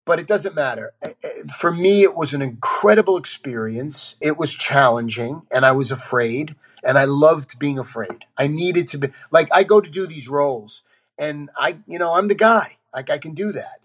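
Blunt, husky-voiced man telling stories. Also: a little high, moderate pace. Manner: blunt, animated storyteller who swears casually. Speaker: actor guest. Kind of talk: candid podcast conversation.

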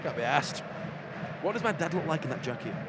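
A man's voice: fairly high pitch, lively intonation, a little fast. A man co-hosting a fan podcast at a football ground, teasing his co-host and reacting to the match. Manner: teasing, playful. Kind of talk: joking match-day banter. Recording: outdoor crowd and traffic noise.

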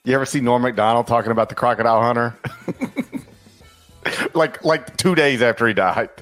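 A man's voice: medium pitch, brisk, faint music behind. A man co-hosting a sports podcast in a put-on Australian accent, bantering and telling stories playfully. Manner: animated storyteller, playful banter. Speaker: podcast co-host. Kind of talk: casual sports podcast chat.

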